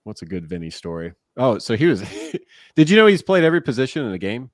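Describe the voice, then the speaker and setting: A man in his forties, a former pro ballplayer turned broadcaster, telling animated stories in a casual podcast interview. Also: medium pitch, fast, dry recording, clean studio sound. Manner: animated, laughing storyteller who acts out quotes.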